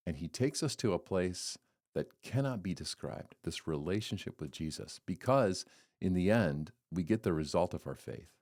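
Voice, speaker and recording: A man hosting a devotional podcast, talking in an earnest, storytelling way with lively swings. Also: sits low, normal speed. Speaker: podcast host giving a devotional. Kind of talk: casual devotional talk.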